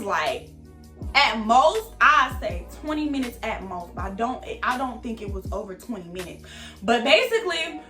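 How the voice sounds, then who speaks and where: A young woman telling a story in a casual, slangy vlog, animated and chatty. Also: high voice, reverberant. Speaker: vlogger.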